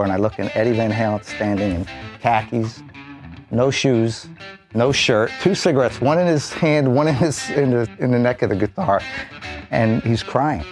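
A man, a police officer, telling an animated story and acting out the voices of the people in it. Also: mid-range voice.

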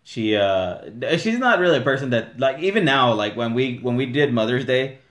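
A man's voice: medium pitch, animated, normal speed, fairly bright tone. A young man from the Los Angeles area hosting a casual podcast, laid-back, rambling as he explains and swearing freely. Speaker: podcast host.

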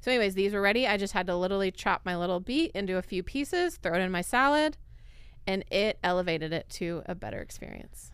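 A woman co-hosts a podcast in casual, playful chat, her pitch jumping around a lot. Her voice is smooth and clear, and the sound is dry and close to the mic. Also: lively intonation, fast, a bit bright, no room sound. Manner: chatty, playful, lots of "like". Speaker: podcast co-host.

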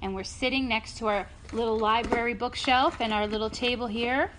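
A woman with a fairly high voice reads a rhyming picture book aloud to a child, giving it a lively bedtime-story lilt. She stops now and then to explain what is happening in the pictures. A faint hiss sits under the home recording. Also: moderate pace. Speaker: podcast host reading to a child. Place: home playroom.

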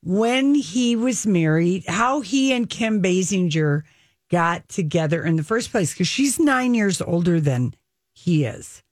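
A woman's voice: fairly low pitch, expressive, slow, no echo, studio quality. A woman co-hosting a casual celebrity gossip chat, chatty and laughing often as she reads out quotes. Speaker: podcast co-host.

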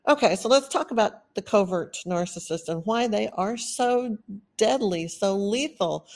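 Woman with a Texan accent, podcast host, unhurried delivery, earnest and emphatic. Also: on the low side, darkish tone. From Texas. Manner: earnest, emphatic with lists and drawn-out stresses. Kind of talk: solo podcast talk.

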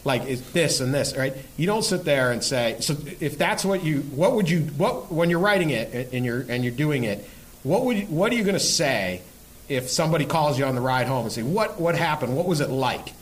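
A man's voice: fairly high pitch, animated, normal speed, low-quality recording. A man who is a guest sports columnist on a podcast, talking before a live audience in a rambling way with restarts and emphatic swearing.

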